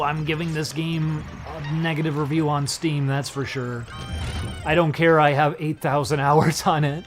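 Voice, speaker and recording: A man giving casual, laid-back commentary while streaming a video game, chatting easily and then breaking into loud, laughing outbursts. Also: a little high, little pitch movement, moderate pace, soft background music.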